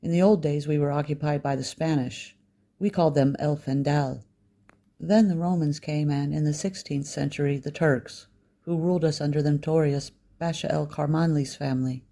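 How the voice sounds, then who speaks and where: A man reading the lines of a blunt, impatient local man, with a gravelly, mellow voice. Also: fairly high pitch.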